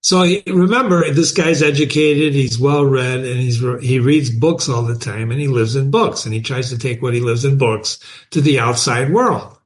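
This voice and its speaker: A man's voice: mid-range voice, normal speed, hardly any pauses. A man hosting a show, reading a novel aloud and often stopping to explain passages to his listeners. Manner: animated, breaks off the text to explain it.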